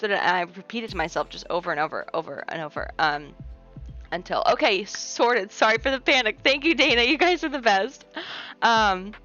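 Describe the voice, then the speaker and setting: This young woman is a livestream host who chats with her viewers and reads their comments, sounding relaxed and reassuring and leaning heavily on fillers. She speaks a little fast in a mid-range voice with a fairly bright tone. The audio is muffled lo-fi stream sound with faint music behind it.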